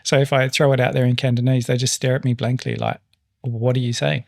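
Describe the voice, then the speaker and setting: A man's voice: mid-range voice, little pitch movement, quick pace, darkish tone. A man co-hosting a podcast in casual chat, laid-back and easygoing. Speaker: podcast co-host.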